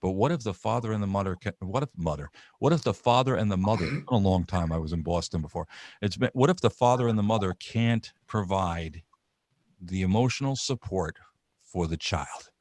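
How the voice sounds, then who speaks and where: A man's voice: low-pitched, lively intonation, brisk, a little mellow, no room sound. An older man in a casual video-call chat who rambles, restarts often and laughs easily. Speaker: parent and grandparent sharing a family court story.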